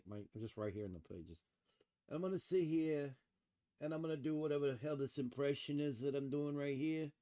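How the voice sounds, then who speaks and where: A man's voice: on the high side, warm tone. A man chatting alone on a late-night livestream, rambling, cursing and mocking himself, sitting close to a desk mic at home. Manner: rambling, self-mocking and profane. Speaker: streamer. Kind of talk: casual solo livestream chat.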